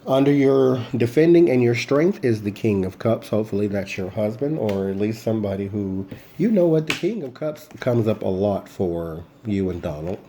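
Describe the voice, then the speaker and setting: A man's voice: on the low side, expressive, normal speed, hardly any pauses, mellow, slight background noise. A man giving a casual tarot reading, talking bluntly and directly to a person who is not there. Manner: blunt, speaks straight to an absent person. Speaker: tarot reader.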